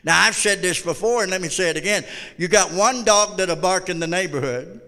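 High bright pastor guy preaching, blunt and folksy, church hall echo. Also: fairly quick. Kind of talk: sermon. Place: church sanctuary.

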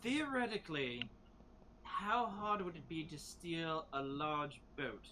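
A man's voice: on the high side, lively intonation, takes it slowly, pushed and bright, slight background noise, heavily acted. A man voicing a sly, offhand young woman student in a tabletop role-play.

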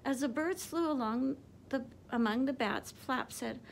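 A woman teacher reading a picture book aloud to children, expressive and animated. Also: high voice, unhurried, vocal fry, few pauses, a little hiss or hum.

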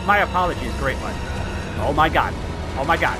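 A man giving loud, excitable gameplay commentary, shouting, joking and swearing as he plays. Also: a little high, a little fast. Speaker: let's play gamer. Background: loud game music.

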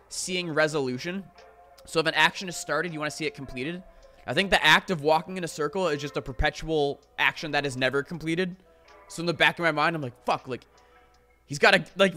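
A young man in his twenties rambling casually to his live-stream chat, animated and full of "like" and swearing. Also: a little high.

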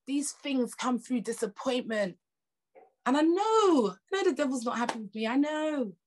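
A woman's voice: high-pitched, sing-song, normal speed, a little mellow, slight background noise. A woman with a British accent delivering a sermon in an emphatic, conversational voice. She repeats her key lines and builds intensity, with casual asides. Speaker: preacher.

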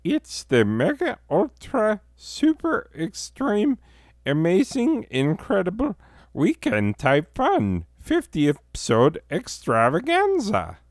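A man voicing a booming adult male hype announcer with a loud, drawn-out delivery. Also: wildly swooping pitch, no echo, clean studio sound, full character voice. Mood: hyped.

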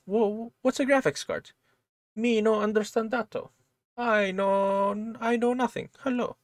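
A man voicing a confused operating system in a silly high-pitched voice, speaking broken, childlike sentences. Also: steady tone, a little slow, no echo. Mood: baffled. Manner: goofy high voice, broken grammar.

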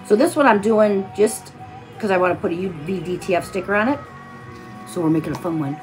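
A woman's voice: mid-range voice, a little fast, faint music behind. A tired woman hosting a live stream, chatting casually while she crafts and greeting viewers by name with pet names.

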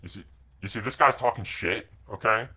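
A man's voice: fairly low pitch, brisk. Profane man barking orders in a game. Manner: profane, shouting orders at teammates; muttered asides to stream viewers. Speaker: game streamer. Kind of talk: live gameplay commentary.

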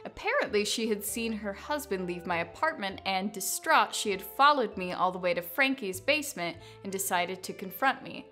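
Woman, game storyteller, playful asides, musing aloud, bright tone, faint background music. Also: mid-range voice, expressive, normal speed, few pauses. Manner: playful, laughs at herself, muses aloud. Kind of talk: reading a story aloud over gameplay with asides.

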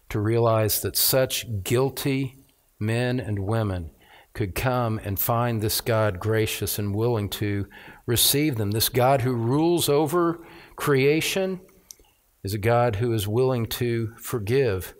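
A middle-aged man preaching a sermon, reading scripture aloud and stressing key words with rising emphasis as a pastor. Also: mid-range voice. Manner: reads scripture aloud, slowing on phrases.

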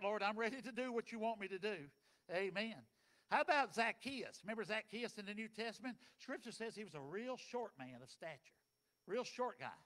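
A man preaching a sermon, folksy and dynamic, swinging between loud and soft. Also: high voice. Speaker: pastor.

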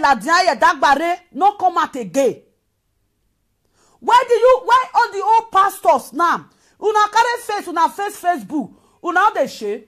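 A woman from Nigeria with a Nigerian accent, delivering an impassioned rant on a live video. She swings between shouting and low muttering. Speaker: returned migrant speaking out.

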